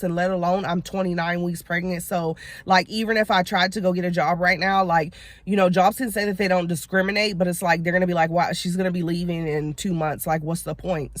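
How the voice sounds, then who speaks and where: A woman's voice: on the low side, no room sound. Earnest woman vlogging from her car. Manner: earnest, rambling, keeps saying "you know what I'm saying". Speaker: motivational vlogger. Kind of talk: casual motivational vlog talk. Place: sitting inside her car.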